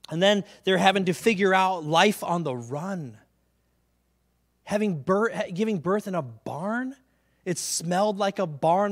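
A male pastor delivering a sermon with a voice that sits a little high for a man. He talks casually, often asking the crowd "right?", and sinks to a near hush to stress his key words. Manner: drops to a quiet, hushed delivery on key words.

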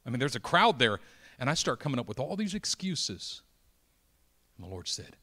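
A man preaching a sermon, telling a story with dramatic swings from soft whispers to loud, high-pitched outbursts. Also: animated, normal speed, long pauses.

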